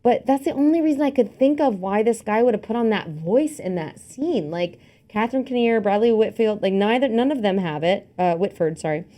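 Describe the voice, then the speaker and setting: Young woman, casual podcast co-host, mid-pitched, chatty, animated. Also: fairly quick. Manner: chatty, animated, acts out quotes. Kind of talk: casual film discussion.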